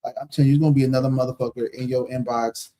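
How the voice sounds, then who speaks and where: A man's voice: medium pitch, level tone, racing, mellow. Candid, profane man reading tarot live. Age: 30s. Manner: talkative, repeats himself for emphasis; laughs often. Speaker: tarot reader hosting a live stream.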